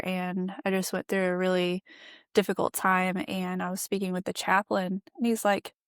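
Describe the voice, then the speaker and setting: A woman's voice: medium pitch, smooth, no room sound, clean studio sound. A woman guest on a podcast, telling her story in an earnest, reflective way and laughing often. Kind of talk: candid conversational storytelling.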